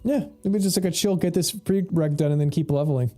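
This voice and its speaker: A man's voice: a little high, a little fast, warm tone. A man giving casual, rambling gameplay commentary as a streamer, swearing freely and laughing often, with faint music behind him. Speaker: game streamer.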